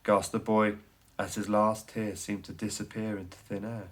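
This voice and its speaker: A man tells a children's bedtime story with lots of drama in his voice. He drops to a near whisper for sneaky moments and then builds up loud and excited. His speaking voice sits a little low. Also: moderate pace. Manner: animated, swings from hushed to loud and excited. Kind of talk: expressive children's story reading.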